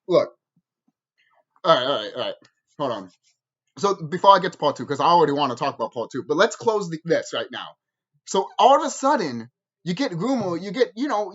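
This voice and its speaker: Heard through dull audio, a high-pitched man gives a loose, rambling video review. He's animated, curses heavily, and breaks into laughter often.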